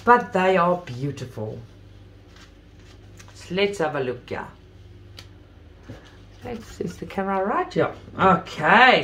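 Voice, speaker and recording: A woman host chatting to viewers in an unboxing video, gushing with praise, still recovering from an illness with coughs and throat-clearing. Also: medium pitch, a bit bright. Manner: gushing, effusive about everything. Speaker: craft channel host. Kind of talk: casual unboxing chat to viewers.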